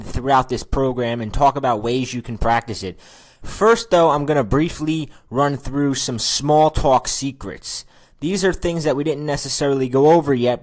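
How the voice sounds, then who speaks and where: A man teaching a recorded course lesson on conversation skills, casual and chatty, acting out sample lines of small talk. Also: medium pitch. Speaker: dating and conversation coach.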